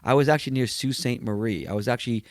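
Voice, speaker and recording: Comedian telling road stories, dry sound. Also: male voice, medium pitch, fast talker, no echo. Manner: storytelling, acts out voices of people he met. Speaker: guest comedian. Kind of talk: casual podcast chat.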